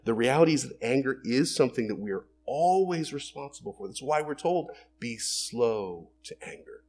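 A man preaching a sermon in a conversational, animated way, asking rhetorical questions and acting out everyday quotes. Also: mid-range voice, moderate pace, slight background noise. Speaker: pastor.

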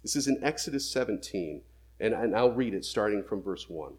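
Husky male preacher, lively voice. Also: on the low side, moderate pace. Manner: reads scripture aloud, then explains it with emphatic questions. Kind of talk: sermon with scripture reading.

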